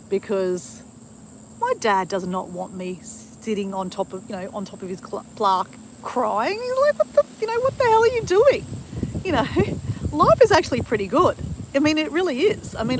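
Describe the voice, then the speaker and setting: A woman's voice: mid-range voice, slight background noise, poor audio. A middle-aged woman talking casually to a live stream on her phone outdoors, rambling and adding "right?" often. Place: outdoors at a bushland cemetery.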